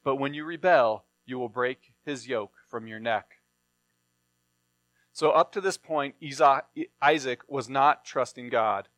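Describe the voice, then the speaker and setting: A man's voice: mid-range voice, a little slow, fairly bright tone, no room sound. A man reading a Bible passage aloud and then explaining it in a plain sermon style. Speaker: preacher.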